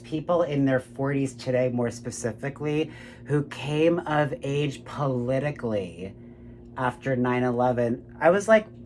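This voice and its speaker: This political monologue comes from a man with a fairly high pitch, recorded with a little hiss or hum. It's an animated, foul-mouthed rant punctuated again and again by "my friends, right?" aimed at the listener.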